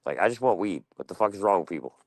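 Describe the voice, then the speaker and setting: A man's voice: low-pitched, lively intonation, rapid-fire, no echo. A man from Delaware ranting casually and profanely on a podcast panel. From Delaware, USA.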